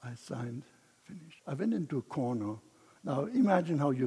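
A man's voice: fairly high pitch, animated, moderate pace, dark tone, slightly rough, long reverb tail. An older man giving an emotional personal testimony as a missionary speaker, chuckling between lines.

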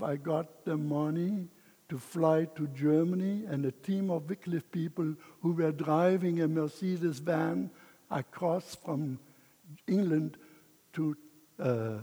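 An older man shares his testimony in a soft, mellow, husky voice that sits fairly high. He talks at an unhurried pace and often chuckles at himself. A long reverb from a big hall trails each phrase. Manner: emotional storyteller who chuckles between lines. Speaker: missionary speaker. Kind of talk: personal testimony talk.

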